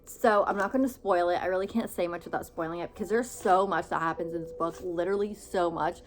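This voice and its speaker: A woman's voice: fairly low pitch, fast. Young woman gushing about her fav books, lots of likes, faint hiss behind her. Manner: gushing, filler-heavy with many "like"s and repeats. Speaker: book vlogger. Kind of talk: casual book review vlog.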